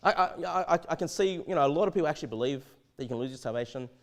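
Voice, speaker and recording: A man with an Australian accent preaching a sermon in a church, conversational and animated, often stammering and restarting his sentences. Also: on the high side, rapid-fire. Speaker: pastor.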